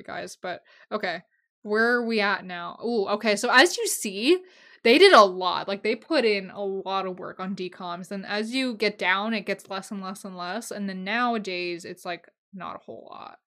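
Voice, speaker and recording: A young woman hosting a casual solo podcast, gushing and emotional, swinging between loud excited bursts and quiet asides. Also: medium pitch. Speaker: podcast host.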